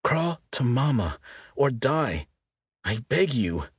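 A man's voice: medium pitch, big pitch swings, fairly quick, slightly rough, no room sound, studio quality, voice pushed up. A man voicing a frantic, swearing squad leader with a strained, pleading voice.

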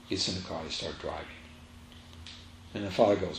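Speaking quickly in a low, animated voice with vocal fry, a man tells a story during a spiritual teaching talk to a live audience, emphatically repeating his phrases. The recording has roomy echo, faint ambience, and a little hiss or hum.

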